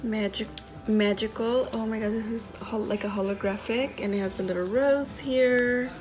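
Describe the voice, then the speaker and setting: A woman hosting a crafting video, unboxing mail from a friend and gushing over each handmade piece with excited exclamations. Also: fairly high pitch, normal speed, music in the background. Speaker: crafting channel host.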